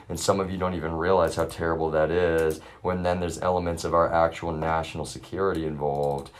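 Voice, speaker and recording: A man's voice: low-pitched, little pitch movement, normal speed, hardly any pauses. A man livestreaming an agitated, profane, unscripted rant, often calling his viewers y'all.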